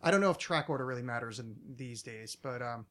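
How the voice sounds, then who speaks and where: A man's voice: medium pitch, lively intonation, quick pace, fairly bright tone. A middle-aged man hosting a podcast in casual chat, rambling and swearing, with a self-mocking manner. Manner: profane, rambling, self-mocking, slips into mock voices. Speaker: podcast host.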